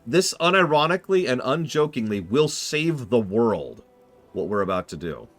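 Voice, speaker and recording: A man's voice: mid-range voice, big pitch swings, normal speed, fairly bright tone, no echo. A man giving casual, opinionated commentary while streaming a game, joking with his chat.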